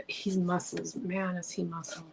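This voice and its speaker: A woman's voice: fairly low pitch, flat delivery, takes it slowly, gravelly, darkish tone, slight background noise, low-quality recording. A middle-aged woman, a craft channel host chatting casually while she paints, gushing storyteller with many ums.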